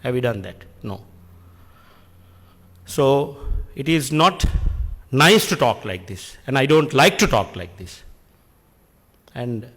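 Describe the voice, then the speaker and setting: A middle-aged man, giving an earnest, deliberate speech at an industry function and posing rhetorical questions. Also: mid-range voice, lively intonation, fairly bright tone, big-room sound. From Sri Lanka. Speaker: public speaker addressing an industry function. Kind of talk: speech at an event. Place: function hall.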